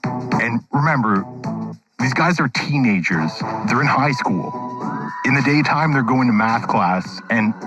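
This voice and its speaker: A man's voice: medium pitch, animated, a little slow, music in the background. A man narrating a documentary-style radio story in a wry, dramatic manner.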